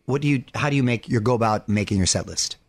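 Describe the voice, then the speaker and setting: A man hosting a radio interview, moving briskly between questions and promotional plugs. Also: medium pitch. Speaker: radio host.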